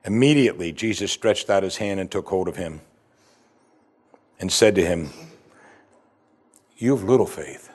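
A man's voice: low voice, moderate pace, long pauses, a little mellow, breathy edge. A man preaching a sermon, reading scripture aloud with dramatic emphasis. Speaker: pastor.

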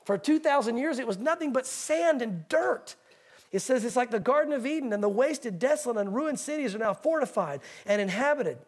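A man preaching a sermon as pastor, reading scripture aloud slowly and with emphasis. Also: extremely high pitch, animated.

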